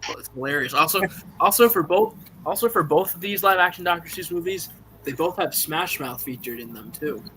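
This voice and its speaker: A man's voice: a little high, animated, fairly quick, pushed and bright, slight background noise, poor audio. A man in a casual online group chat, eagerly rattling off movie trivia over a voice call. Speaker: guest on a birthday stream.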